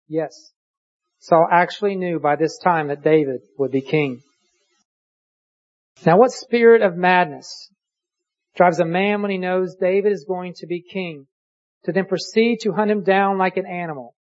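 A preacher giving a sermon, reading scripture aloud slowly and deliberately and posing rhetorical questions. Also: mid-range voice, darkish tone, lo-fi sound.

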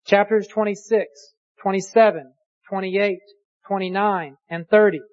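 Reading scripture aloud at a slow, deliberate pace, a preacher poses rhetorical questions during his sermon. The mid-range voice has fairly even intonation and a darkish tone, captured on dull-sounding audio.

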